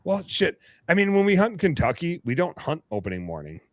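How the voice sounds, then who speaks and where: A man's voice: on the high side, wildly swooping pitch, a little fast, no room sound. A man hosting a podcast, chatting casually and joking around, cursing freely. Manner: loose, joking, swears freely. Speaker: podcast host. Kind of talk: casual chat.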